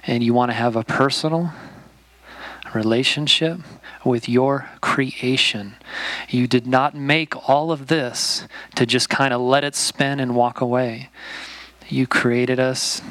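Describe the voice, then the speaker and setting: A man on a church staff making relaxed, self-deprecating announcements and then leading a sincere closing prayer. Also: medium pitch, slow, dry recording. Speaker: pastor.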